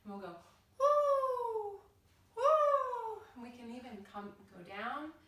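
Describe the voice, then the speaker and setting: A woman leading a children's yoga class, giving gentle, playful, sing-song instructions. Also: mid-range voice, animated, fairly quick. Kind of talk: guided kids' yoga class. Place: library room. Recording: echoey room from far off, faint noise.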